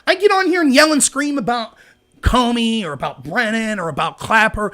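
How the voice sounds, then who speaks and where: A man's voice: extremely high pitch, lively intonation, brisk, pushed and bright. A man hosting a political livestream, ranting heatedly and sarcastically while arguing with viewers in his chat. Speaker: show host.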